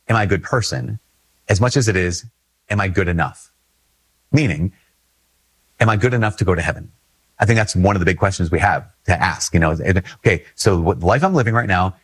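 Husky-voiced priest giving an earnest homily. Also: male voice, deep voice, fairly bright tone, no room sound. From Minnesota. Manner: earnest, repeats phrases for emphasis, chuckles. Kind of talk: conversational homily.

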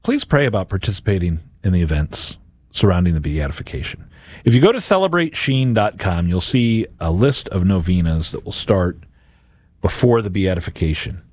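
A man's voice: low-pitched, lively intonation, normal speed, darkish tone, no echo. A middle-aged man, a radio and podcast host, giving a Catholic reflection on Scripture and acting out imagined voices in quotes.

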